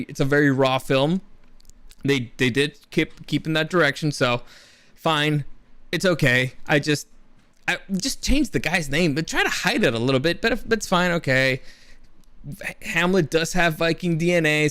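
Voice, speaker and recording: A man's voice: a little high, fairly bright tone, smooth, no echo. A young man casually reviewing films, rambling and enthusiastic, with many restarts. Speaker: movie reviewer. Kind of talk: casual spoken film review.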